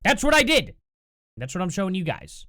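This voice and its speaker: A host ranting in casual political commentary from a home setup, sarcastic and animated, with laughing asides, recorded on a computer mic without a compressor. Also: medium pitch, a little fast, no echo, studio quality.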